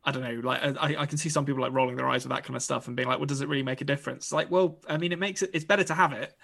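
A man's voice: mid-range voice, racing, vocal fry, fairly bright tone. A man co-hosting a podcast in casual chat, enthusiastic and repeating words as he starts sentences. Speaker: podcast co-host.

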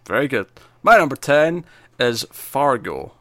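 A man's voice: mid-range voice, very animated, unhurried, a bit bright, no room sound. A man co-hosting a podcast in casual chat about films, rambling with many restarts and fillers and acting out quotes. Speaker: podcast co-host. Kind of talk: casual film-list chat.

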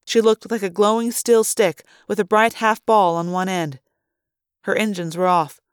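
A woman's voice: mid-range voice, fairly even intonation, normal speed, clean tone, dry recording. Woman reading a novel, dry sound. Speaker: audiobook reader.

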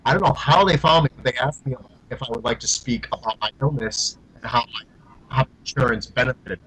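A man's voice: medium pitch, brisk, fairly bright tone, breathy edge, poor audio. A man telling about his first audition as a guest, polite and plain. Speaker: guest actor. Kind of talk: casual interview chat.

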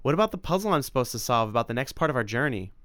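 A man voicing an excitable, wisecracking boy hero in an audiobook. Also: mid-range voice, racing, no echo, studio quality, voice pushed up. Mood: eager. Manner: eager, joking, sarcastic. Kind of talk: audiobook character voice.

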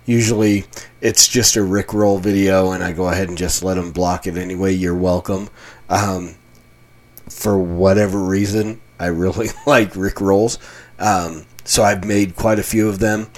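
A man's voice: low voice, steady tone, measured pace. A man from Colorado, a pastor hosting his own podcast, talking alone in a small basement room in a chatty, wry, self-mocking way. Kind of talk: casual solo podcast monologue.

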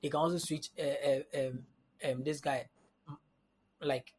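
A man's voice: a little high, fairly even intonation, measured pace, a little mellow, slight background noise. A man talking through basketball matchups on a casual sports podcast, laying out numbers step by step and often checking in with "you understand?". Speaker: podcast guest analyst.

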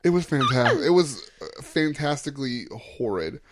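A man's voice: mid-range voice, big pitch swings, moderate pace. A young man co-hosting a podcast, recapping events in casual chat with dry jokes. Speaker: podcast co-host.

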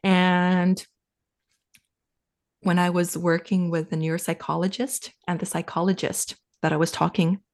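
A woman from Finland in her thirties speaks as a podcast interview guest. Her voice sits a little low. She talks in a reflective, unhurried way and becomes animated whenever she acts out her own past words. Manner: reflective, animated when quoting herself. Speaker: podcast guest, sales coach. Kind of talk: casual interview talk.

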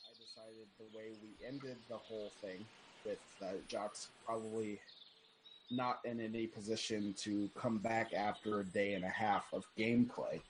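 A man's voice: on the low side, normal speed, noisy background. Laid-back male game master. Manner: relaxed, chatty, laughs easily. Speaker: game master and podcast host. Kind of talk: casual podcast narration and game mastering.

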